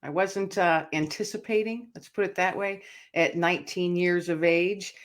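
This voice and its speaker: This woman, whose voice sits on the low side with a steady tone, gives her personal testimony as an interview guest at normal speed. Her delivery is reflective and earnest, growing quiet at the heavier moments of her story.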